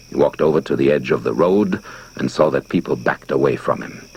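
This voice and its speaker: A man giving dramatic, expressive audiobook narration. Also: a bass voice, fairly quick, husky. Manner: theatrical, expressive.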